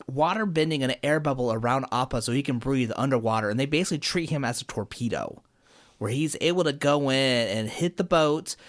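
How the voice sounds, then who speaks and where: A man co-hosting a podcast, retelling a cartoon episode with lively acted-out quotes. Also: medium pitch. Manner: animated storyteller, acts out quotes. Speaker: podcast co-host. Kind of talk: casual podcast chat, recapping a show.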